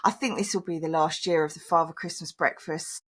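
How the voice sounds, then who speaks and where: A woman's voice: sits low, a little fast, slightly rough. A woman, co-hosting a casual chat and telling chatty, laughing stories. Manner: chatty, laughing storyteller, lively intonation. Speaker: podcast co-host.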